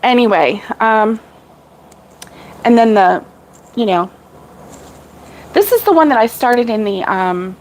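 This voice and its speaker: A woman's voice: a little high, animated, takes it slowly, pauses often, a little mellow, slight background noise, rough recording. A middle-aged woman chatting casually with live viewers about crochet, rambling and laughing often. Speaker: crochet vlogger.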